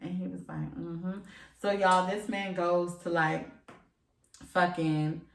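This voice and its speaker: A woman's voice: fairly low pitch, fairly even intonation, slow pace, creaky, echoey room, far from the mic, slight background noise. Candid, profane woman telling a story. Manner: profane, emphatic, addresses viewers as y'all. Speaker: vlogger. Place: room at home, seated.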